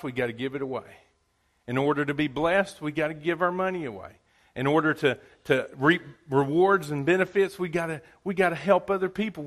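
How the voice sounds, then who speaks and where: Folksy preaching man, slightly high voice. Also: fairly bright tone. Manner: folksy preaching with repeated phrases. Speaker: pastor. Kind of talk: sermon. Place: church sanctuary.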